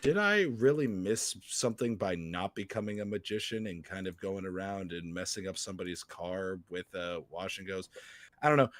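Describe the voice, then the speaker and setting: A man's voice: low voice, lively intonation, a bit bright. Rambling, jokey male podcast host. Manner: rambling, jokey, many filler pauses. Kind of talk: casual podcast chat.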